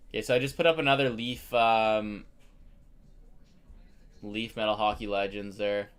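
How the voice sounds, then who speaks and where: A man's voice: on the low side, steady tone, moderate pace. A young Canadian man hosting a live card break stream, chatting casually and greeting viewers by name.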